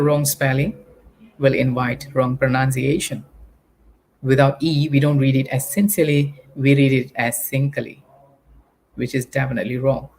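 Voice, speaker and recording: A man with a Malaysian English accent teaching an online English class, talking to viewers with a lively, teacherly delivery. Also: mid-range voice, a little hiss or hum. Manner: animated, exaggerates intonation to teach.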